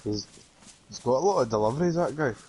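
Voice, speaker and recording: A man chatting over a game with a friend, throwing in short, loud remarks. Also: medium pitch, expressive, quick pace, slightly rough. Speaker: friend on voice chat. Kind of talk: casual chat while gaming.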